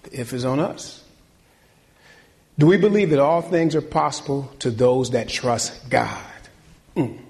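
A man preaching a sermon, folksy and conversational, swinging between loud, high exhortation and quiet, low talk. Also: unhurried, creaky, pauses often. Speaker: pastor.

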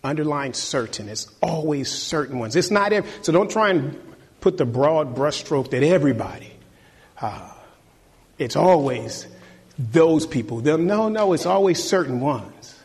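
A man with a fairly high, husky voice preaches a sermon. He drives his points home by repeating key phrases and urging the congregation to take note. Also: expressive, unhurried. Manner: emphatic, repeats key phrases, exhorts listeners.

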